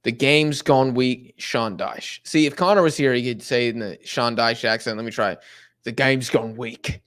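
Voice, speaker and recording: Young man, American, casual watch-along host, slangy, animated. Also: mid-range voice, normal speed. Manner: animated, slangy, reading chat aloud. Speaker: live stream host.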